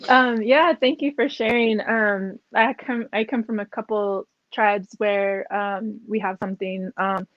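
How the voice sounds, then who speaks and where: Brief: woman host on a video call, halting delivery full of ums, dry close sound, slightly muffled. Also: mid-range voice, fairly even intonation, no room sound. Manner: halting, many ums, friendly. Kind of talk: casual online event hosting.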